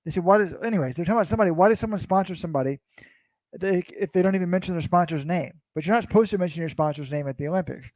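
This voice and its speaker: A man's voice: sits high, rapid-fire, darkish tone, dry recording, rough recording. A man co-hosting a casual sports recap, telling stories in a rambling, self-interrupting way. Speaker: co-host.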